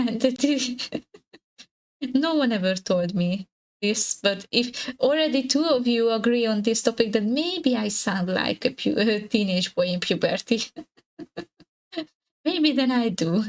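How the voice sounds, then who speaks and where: Slow, giggly young woman streamer. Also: lively intonation, low-quality recording. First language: Hungarian. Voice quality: slightly husky lowered voice. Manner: giggly, hesitant, many fillers and restarts. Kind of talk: casual live-stream chat.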